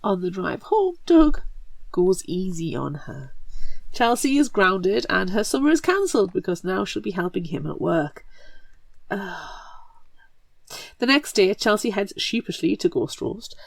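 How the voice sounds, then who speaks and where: A woman's voice: medium pitch, big pitch swings, slow, gravelly, dry recording. A woman co-hosting a casual book podcast, chatty and enthusiastic as she summarizes a story. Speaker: podcast co-host.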